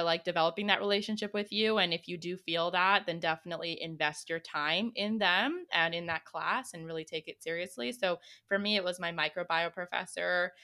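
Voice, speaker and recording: A woman's voice: fairly low pitch, pushed and bright, clear, resonant tone. A young woman co-hosting a casual advice chat, talking in a chatty way with many fillers. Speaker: co-host.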